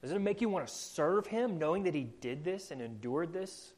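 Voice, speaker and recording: A man's voice: fairly high pitch, expressive, moderate pace, a little mellow. A man with a Southern US accent preaching a sermon, earnest and full of rhetorical questions. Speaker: pastor.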